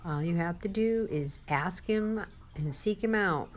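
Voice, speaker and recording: A woman's voice: on the low side, measured pace. A woman giving a sermon-style testimony, telling a personal story with quoted dialogue and speaking to the listener.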